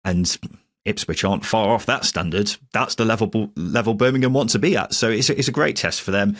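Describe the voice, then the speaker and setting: A man co-hosting a casual football podcast, wry and quick to laugh. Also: lowish voice, fairly bright tone. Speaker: podcast co-host.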